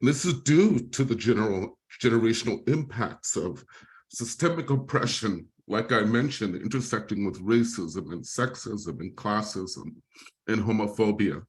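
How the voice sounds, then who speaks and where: A man's voice: on the low side, expressive, normal speed, darkish tone. A middle-aged man giving a talk on a video call, telling his own recovery story, close to tears and apologetic at times. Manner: emotional, tearful at moments, apologetic. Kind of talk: presentation with personal testimony.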